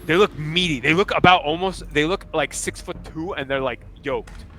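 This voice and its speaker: Bright-voiced young male game master. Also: fairly high pitch, normal speed. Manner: casual, loose, full of fillers. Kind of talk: narrating a tabletop game.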